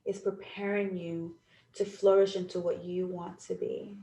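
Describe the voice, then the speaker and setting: Young adult woman, podcast host, slow soothing guided talk, lowish voice, echoey room. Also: flat delivery, warm tone. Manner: slow, soothing, drawn-out phrasing. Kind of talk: guided visualization and reflective talk. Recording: roomy echo.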